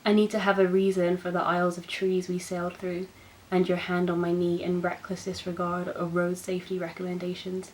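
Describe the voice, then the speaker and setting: Expressive young woman reading poems. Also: lowish voice, fairly quick, slight background noise, rough recording. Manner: expressive, self-mocking. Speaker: book channel host. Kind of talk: poetry reading.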